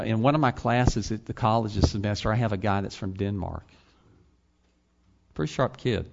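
Man preaching with rhetorical questions. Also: lowish voice. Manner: rhetorical questions, rising to emphatic peaks. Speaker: pastor and college teacher. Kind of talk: sermon. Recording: slightly dull lo-fi sound.

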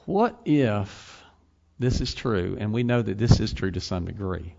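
A man's voice: fairly low pitch, expressive, a little slow, creaky, a little mellow. A man preaching a sermon, asking the congregation rhetorical questions and building to emphatic points. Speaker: pastor and college teacher. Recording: slightly dull lo-fi sound.

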